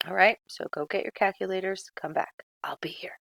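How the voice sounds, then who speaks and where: A woman teacher talks through a chemistry lesson in a loose, chatty way, dropping ums and asking okay as she goes. Her voice has a gravelly edge, and the recording is dry and close. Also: medium pitch, steady tone, fairly quick, fairly bright tone, no echo. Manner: chatty, frequent ums and okays. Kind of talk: recorded classroom lecture.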